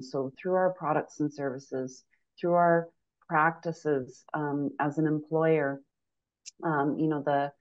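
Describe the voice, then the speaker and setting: A woman on a conference panel speaking about her organization, halting with many ums and restarts. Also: sits low, a little mellow. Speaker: credit union executive panelist. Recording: dull lo-fi audio.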